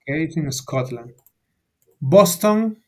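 A man leads a beginner English class in a call-and-repeat drill. His voice sits a little high, and he speaks slowly, stressing each word so students can echo it back. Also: expressive, darkish tone. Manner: enunciates each word for learners to repeat, rising on prompts. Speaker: English teacher.

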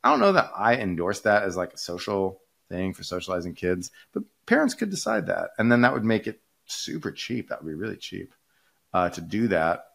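A man with a lowish voice talks through economic ideas like a relaxed podcast host. He rambles, restarts his sentences and stacks up fillers, picking up speed when an idea grabs him. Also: brisk, vocal fry. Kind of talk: casual conversational explaining.

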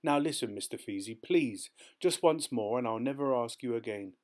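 A man's voice: mid-range voice, animated, normal speed, darkish tone, natural voice. A man doing a desperate pleading dog owner. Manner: pleading, insistent.

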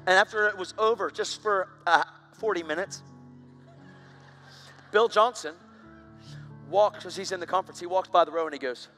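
A male preacher with a notably high, bright and forceful voice delivers a live sermon to a church congregation. He talks in an earnest, emphatic and intense way, driving each point home. Faint music plays behind him. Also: normal speed, pauses often. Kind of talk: live sermon with dramatic storytelling. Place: church service on stage.

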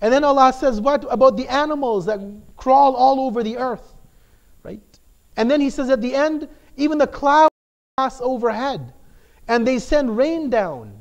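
A man's voice: very high-pitched, expressive, moderate pace. A man giving a conversational sermon as a shaykh, explaining with frequent "right?" tags and emphatic repetition.

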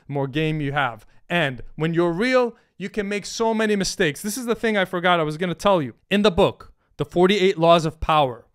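A man's voice: high voice, fairly bright tone. A man talking as a dating coach in a brash, emphatic and profane advice monologue.

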